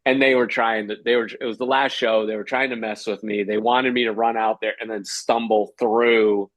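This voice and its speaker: A man who hosts game shows, a guest telling a story with lively energy. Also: fairly low pitch, normal speed, no room sound. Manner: lively, acts out quotes in raised voice. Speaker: game show host, guest. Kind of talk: animated storytelling.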